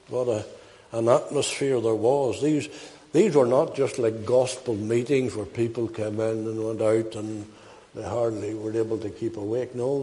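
An older man preaches in a storytelling style. His husky voice slips into plain anecdote and then swells into emphatic bursts. The sound rings with the long reverb of a large hall. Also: mid-range voice, dark tone. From Northern Ireland. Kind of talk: sermon storytelling.

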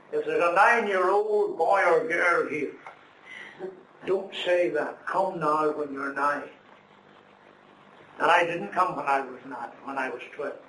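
A man's voice: fairly high pitch, bright, forceful tone. Earnest middle-aged male preacher, echoey hall. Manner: earnest storytelling with preacherly emphasis. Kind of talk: sermon testimony. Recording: echoey room, distant mic, faint noise.

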